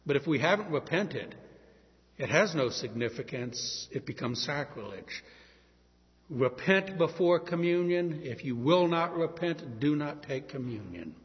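A man preaching a sermon, impassioned, swinging between hushed pleading and loud emphasis. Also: fairly high pitch, animated, unhurried. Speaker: pastor. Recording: dull lo-fi sound in a reverberant hall.

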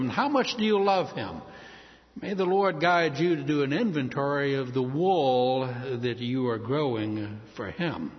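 Lively folksy preacher, man, in a reverberant hall. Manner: folksy, storytelling, lively pitch. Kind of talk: sermon. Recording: dull lo-fi sound with long hall reverb.

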